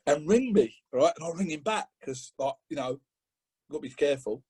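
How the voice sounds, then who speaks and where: A middle-aged man from England, a podcast guest telling an animated story in casual chat, often laughing and acting out what others said. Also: measured pace, a little hiss or hum. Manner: animated, laughing, acts out quotes with rising pitch.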